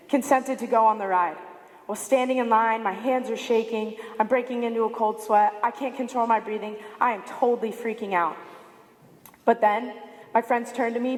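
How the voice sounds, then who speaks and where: A woman's voice: on the high side, in a large hall. A young woman giving a prepared speech at a student symposium, telling a story and acting out the quotes in it. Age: young adult. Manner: storytelling with lively acted-out quotes. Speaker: student speaker.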